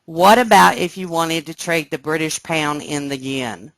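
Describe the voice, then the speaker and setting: Excited woman teaching live trading. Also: deep voice, a little slow, gravelly, no room sound. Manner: explanatory, keeps checking listeners follow; excited, animated. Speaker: trading instructor. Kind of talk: live trading room lesson.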